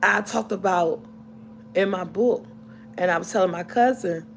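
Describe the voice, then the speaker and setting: With vocal fry, a lowish voice and a normal pace, a middle-aged woman vlogs against slight background noise. Her personal story is casual and heartfelt, though she rambles, restarting often and saying things again.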